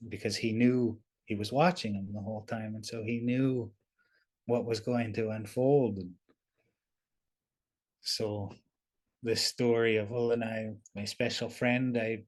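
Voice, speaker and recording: A man telling a traditional story in a relaxed, conversational way over a video call, using many fillers like "kinda". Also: fairly low pitch, measured pace, pauses often. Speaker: storyteller and webinar presenter. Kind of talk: casual oral storytelling.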